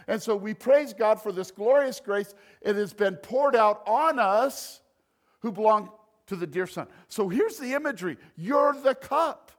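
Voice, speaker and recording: A man preaching a sermon as pastor, animated, swinging between loud emphasis and quiet asides. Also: high-pitched, a little slow.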